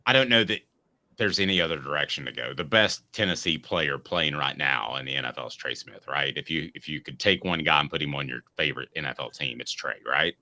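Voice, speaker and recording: A man's voice: very deep voice, brisk, bright, forceful tone. A man hosting a casual sports talk show, upbeat and steering the chat with questions to his co-host.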